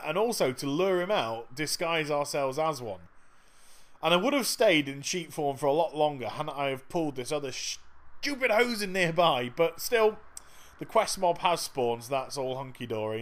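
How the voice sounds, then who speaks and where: Lively sarcastic man narrating gameplay. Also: fairly high pitch. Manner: chatty and sarcastic, with frequent laughs. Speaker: gaming video host. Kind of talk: game walkthrough commentary.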